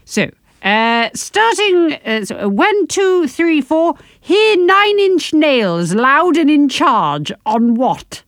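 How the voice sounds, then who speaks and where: Lady co-hosting a silly advice podcast, teasing and bossy, bouncy lively voice, a bit high, dry close mic. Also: slow, dry recording. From United Kingdom. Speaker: podcast co-host. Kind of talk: comedic advice podcast chat.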